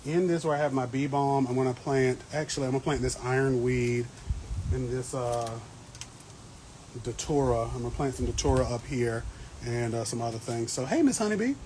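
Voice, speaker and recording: A man's voice: medium pitch, level tone, normal speed, a little mellow, rough recording. Man in his thirties, casual garden livestream, playful banter, mid-range voice, faint outdoor hum. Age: 30s. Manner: chatty and playful, greets viewers by name. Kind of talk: casual live-stream chat. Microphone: phone livestream.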